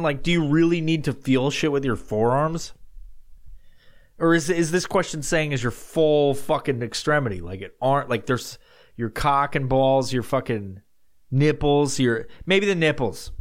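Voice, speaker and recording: A man hosting a solo podcast, rambling casually and swearing often while he answers odd questions, sometimes laughing at himself. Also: medium pitch. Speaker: podcast host.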